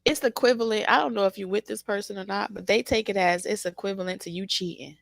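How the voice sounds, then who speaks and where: A woman giving a casual, animated tarot reading, teasing the listener and laughing often. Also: mid-range voice, quick pace, vocal fry, dry recording. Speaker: tarot reader.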